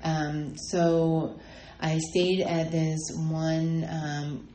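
A woman shares her recovery story in a halting way, stopping often for ums and fresh starts. Her voice sits low and warm, and it rings in an echoey room over faint background ambience. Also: flat delivery, a little hiss or hum. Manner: halting, many ums and restarts. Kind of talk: personal testimony talk.

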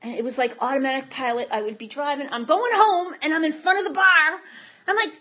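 Husky woman, fairly high voice, frank rambling recovery share, dull lo-fi recording. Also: brisk. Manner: frank, rambling, self-correcting. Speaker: speaker sharing at a recovery meeting. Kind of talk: candid personal recovery story.

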